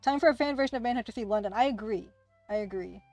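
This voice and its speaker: Fast-talking rambling woman streamer. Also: on the high side, darkish tone, no room sound, soft background music. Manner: rambling, talks fast, self-deprecating, frequent laughter. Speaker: livestream host and game artist. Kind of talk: casual livestream chat.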